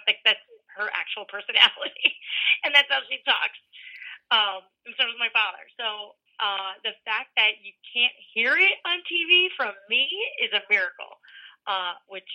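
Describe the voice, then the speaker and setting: A woman's voice: medium pitch, creaky. A woman working as a football reporter, chatting casually and laughing at herself during an interview over the phone. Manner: chatty, self-deprecating, quick to laugh. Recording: muffled phone line.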